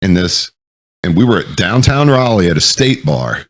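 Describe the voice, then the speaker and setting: A man's voice: deep voice, very animated, normal speed, fairly bright tone. A man in his thirties, a Marine veteran and co-host, telling profane stories with lots of laughter in casual chat.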